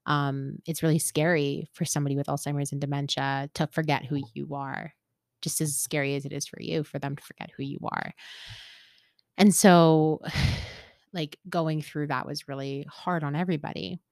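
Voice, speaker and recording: Podcast host, woman from Canada, low voice, dry close sound, candid storyteller who laughs often. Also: level tone, moderate pace, darkish tone, no room sound. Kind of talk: casual personal storytelling.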